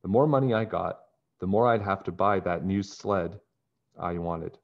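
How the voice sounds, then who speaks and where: A man's voice: sits low, fairly even intonation, normal speed, vocal fry. A man voicing a guilty, sheepish young boy who confesses what he did, on a dull lo-fi recording.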